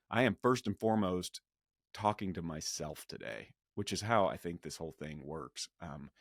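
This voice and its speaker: A man's voice: fairly low pitch, dry recording, clean studio sound. A middle-aged man hosting a podcast, telling a personal story and reflecting in a loose, conversational way with frequent restarts. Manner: conversational, with many restarts and a quoted yell. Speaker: podcast host.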